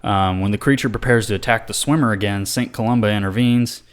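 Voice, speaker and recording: A man's voice: on the low side, fairly quick, clear, resonant tone. A man co-hosting a casual podcast, rambling with lots of fillers and swearing. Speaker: podcast co-host.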